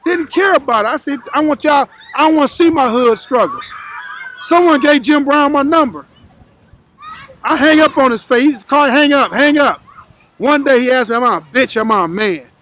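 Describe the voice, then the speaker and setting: A man with a very high-pitched voice tells his life story in an interview. He talks bluntly and with plenty of profanity, and he acts out the other people in his story as he goes. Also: moderate pace, fairly bright tone.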